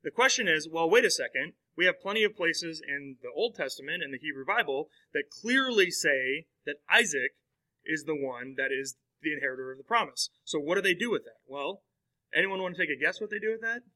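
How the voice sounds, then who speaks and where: A man's voice: fairly high pitch, expressive, fairly quick, pushed and bright, poor audio. A man teaching a classroom lecture in a conversational way, full of fillers and questions to his students.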